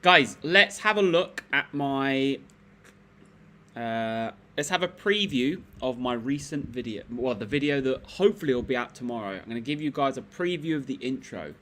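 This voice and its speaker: A man's voice: mid-range voice, animated, normal speed, pushed and bright. A man hosting a laid-back livestream, chatting to viewers on a laptop mic while he works at his computer. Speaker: livestream host. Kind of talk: casual livestream chat. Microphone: laptop microphone.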